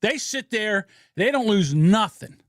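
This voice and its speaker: Podcast host, male, pitch slightly high, very lively delivery, dry close mic, blunt and profane. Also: a little slow, no room sound. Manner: blunt, profane, animated storytelling. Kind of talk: casual political podcast commentary.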